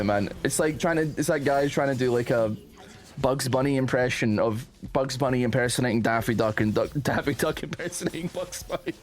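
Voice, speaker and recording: A man's voice: medium pitch, a little fast, soft background music. A man streaming casual reaction commentary, rambling and joking with plenty of swearing.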